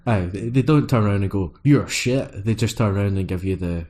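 A man's voice: fairly low pitch, fairly quick, a little mellow. A man, co-hosting a casual podcast chat in an easygoing manner and laughing often. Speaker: podcast co-host.

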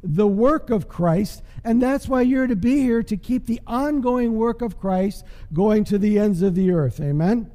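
High-voiced preacher in a reverberant church. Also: male voice, animated, a little slow, hardly any pauses, dark tone. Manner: emphatic, call-and-response preaching. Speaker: pastor. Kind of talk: sermon. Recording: long hall reverb.

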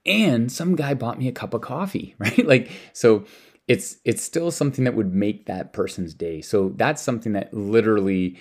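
Deep-voiced man telling stories. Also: moderate pace. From Canada. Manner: rambling, with frequent repeated words and restarts. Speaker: parent telling life-lesson stories. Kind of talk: casual storytelling.

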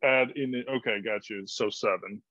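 Brief: male player, quick casual delivery, dry and dull lo-fi recording. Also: fairly low pitch, pushed and bright, no room sound. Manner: casual, swears a lot. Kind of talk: casual tabletop play. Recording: dull lo-fi mic.

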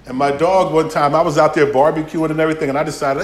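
A man preaching a sermon, telling lively stories and acting out dialogue. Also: a little high, fast, roomy sound, a little hiss or hum.

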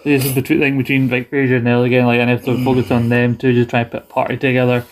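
A man's voice: medium pitch, completely flat delivery, racing. Chatty man rambling through TV episodes. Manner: rambling, laughs often, trails off and restarts. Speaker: podcast host. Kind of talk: casual chat reviewing TV episodes.

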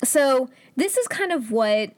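A woman's voice: slow pace, dry recording, studio quality. A woman co-hosting a podcast, chatting casually about a book and acting out characters with big swings and laughs. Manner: animated, acts out characters with big pitch jumps and laughs. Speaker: podcast co-host. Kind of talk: casual book-review chat.

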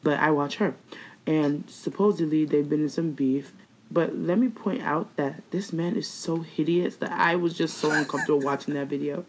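A woman's voice: sits low, fairly even intonation, moderate pace, slight background noise, poor audio. A young woman co-hosting a casual gossip chat, blunt and profane, laughing often.

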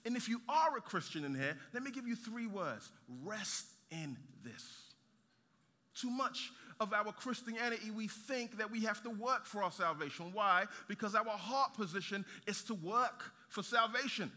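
High bright voiced guy preaching, lively, jokes and questions, big echoey hall. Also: normal speed, hardly any pauses. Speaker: pastor. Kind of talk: sermon. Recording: reverberant hall.

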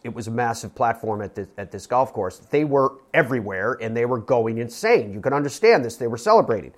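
A man's voice: mid-range voice, darkish tone. A man hosting a golf radio show, talking casually, reeling off names and often restarting his sentences. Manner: rambling, self-correcting, reels off names. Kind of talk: casual sports radio talk.

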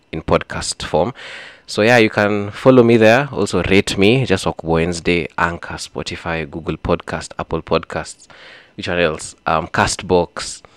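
A man's voice: low voice, a bit bright, no room sound. A young Kenyan man with a Kenyan accent hosting a solo podcast, chatting casually and mixing in slang and Swahili phrases. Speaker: podcast host.

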